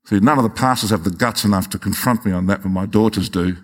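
An older man preaches to his congregation with a husky, slightly breathy voice. He is fervent and stumbles over his words, then climbs high and loud to drive a point home. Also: steady tone, quick pace. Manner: impassioned, often rising sharply in pitch, with repeated restarts. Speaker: pastor. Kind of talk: sermon.

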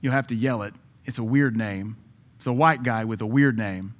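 A man preaching a sermon in an emphatic, conversational way, with asides to his listeners and sudden loud rises. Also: fairly low pitch, normal speed. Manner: jokes and asides to the audience.

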